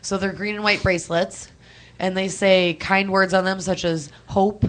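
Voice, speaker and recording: A woman's voice: medium pitch, steady tone, normal speed, fairly bright tone, a little hiss or hum. Woman, young adult, chatty, laughs often, emotional, casual call-in talk. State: emotional, close to tears. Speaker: co-host. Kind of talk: casual radio chat.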